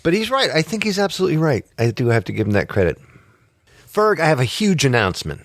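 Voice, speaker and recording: A man's voice: mid-range voice, big pitch swings, fast talker, dry recording. A man hosting a casual podcast chat, joking and teasing his co-host. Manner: teasing, jokey, prone to laughing fits.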